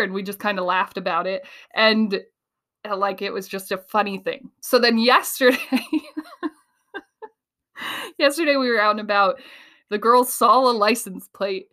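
Woman host, casual monologue, animated storyteller, laughs a lot, ideas racing. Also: mid-range voice. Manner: quick, tumbling flow of ideas.

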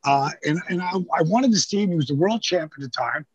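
A man's voice: a little high, expressive, a little fast, lo-fi sound. An older man telling rambling, profane anecdotes in casual chat, acting out the lines of the people in his stories. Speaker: storyteller guest.

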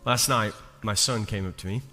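A man in his thirties preaching a sermon as pastor, slow and emphatic, building to loud peaks. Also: lowish voice. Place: church sanctuary. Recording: long reverb of a large hall. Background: soft instrumental music.

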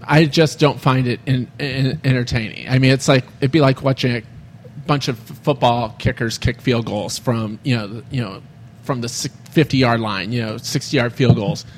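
A man's voice: medium pitch, normal speed, slight background noise. A man filling in as co-host on a casual sports podcast, opinionated and nostalgic, telling stories at a leisurely pace. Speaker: fill-in co-host.

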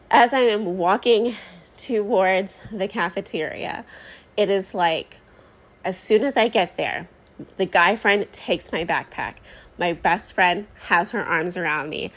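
A pregnant woman in her thirties hosting a casual talk show, telling a long story in a chatty, rambling way with many fillers and asides. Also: lowish voice. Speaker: podcast host.

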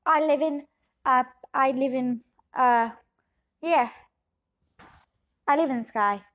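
A woman improvising a shady quack doctor, high-pitched and evasive. She rambles with many pauses and slides between put-on accents. The sound is dull and lo-fi. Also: a bit bright. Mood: boastful. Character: shady scam doctor with shifting fake accents. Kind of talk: improv comedy scene.

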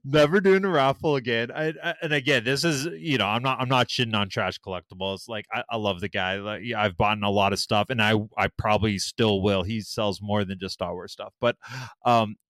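A man's voice: on the low side, fairly quick, no room sound, clean studio sound. A man, telling a story in casual chat, swearing a lot and acting out what people said. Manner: animated storytelling, heavy swearing, acts out quotes.

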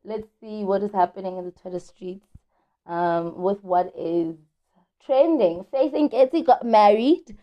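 Speaking at an unhurried pace in a mid-range voice, a woman podcast host chats casually and slangily about celebrity gossip, drawing words out for emphasis. The highs in the audio are cut off.

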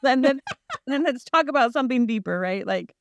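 A woman's voice: high-pitched, lively intonation, a little fast, creaky, no echo. A woman co-hosting a casual book discussion, easygoing and playful with her metaphors. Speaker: podcast co-host.

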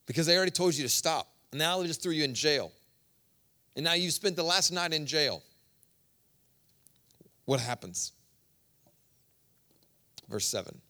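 A man preaching a sermon in a conversational, storytelling way, swinging between loud bursts and hushed asides. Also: fairly high pitch, animated, unhurried, pauses often.

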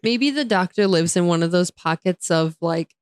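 A woman's voice: lowish voice, expressive, moderate pace, clear, resonant tone, no room sound. A young American woman co-hosting a podcast in casual chat, playful and laughing often. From United States. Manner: giggly, playful, jokey. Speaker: podcast co-host.

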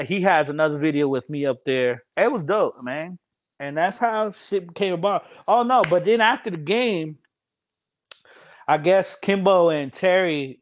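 A man telling loud, animated stories from a game in casual podcast chat, laughing often and swearing freely. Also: a little high.

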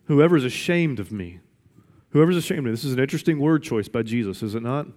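A man's voice: medium pitch, animated, fast talker, a little mellow. A man preaching a sermon as pastor, emphatic and repeating his questions for weight. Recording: long reverb of a large hall.

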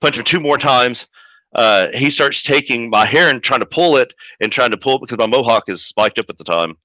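A man who manages pro wrestlers, telling a story as a podcast guest in a profane, animated way. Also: mid-range voice, a little fast, no echo. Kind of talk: casual storytelling. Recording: dull lo-fi audio.

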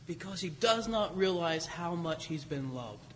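A high-pitched male preacher delivers a sermon in a church, emphatic and repeating key phrases, slowing down for weight. His voice rolls out with a long reverb across the sanctuary. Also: lively intonation, fairly bright tone, a little hiss or hum.

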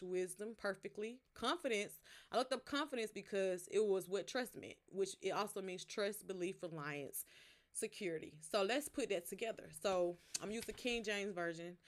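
A woman hosting a podcast, giving a relaxed, conversational devotional teaching. She talks straight to her listeners and stops to explain words one at a time. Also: medium pitch. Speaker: podcast host.

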